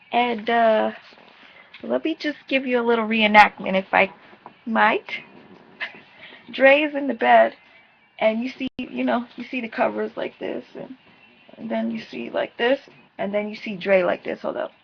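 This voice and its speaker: Brash gravelly woman ranting a recap. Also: fairly high pitch, dull audio. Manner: brash, profane, sassy. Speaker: vlogger reviewing a reality show. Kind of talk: casual recap rant.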